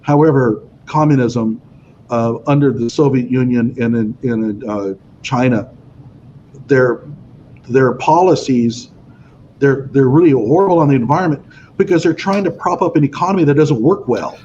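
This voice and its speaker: A man's voice: medium pitch, normal speed, dark tone. A man in a casual discussion, speaking in an emphatic, opinionated way. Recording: dull lo-fi audio with faint noise.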